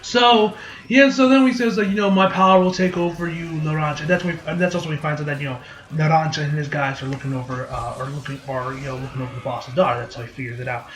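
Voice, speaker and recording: A man's voice: mid-range voice, quick pace, reverberant, a little hiss or hum. A man recapping and reviewing an anime episode in a casual, rambling, profane way, acting out lines in goofy voices. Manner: rambling, profane, acts out quotes in animated voices.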